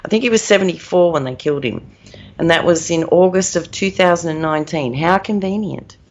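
A woman's voice: fairly low pitch, brisk, a little mellow. A woman co-hosting a podcast in casual chat, rambling and emphatic, laughing at her own points. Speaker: podcast co-host. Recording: dull lo-fi audio.

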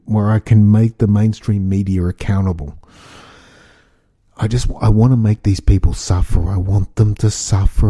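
A man's voice: on the low side, dark tone, dry recording, studio quality. Angry man ranting on a podcast. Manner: angry, repetitive, swearing, stumbling restarts. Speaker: podcast host.

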